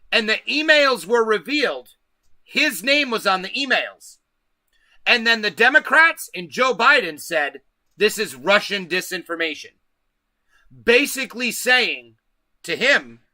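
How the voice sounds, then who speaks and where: High bright-voiced male livestream host. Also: no echo. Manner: emphatic, profane, keeps asking "okay?". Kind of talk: casual livestream commentary.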